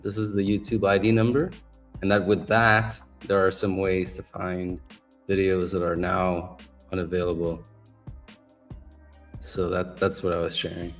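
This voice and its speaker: A man explaining something in a rambling, halting way during a casual chat. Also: sits low, little pitch movement, soft background music. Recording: distant, reverberant remote mic.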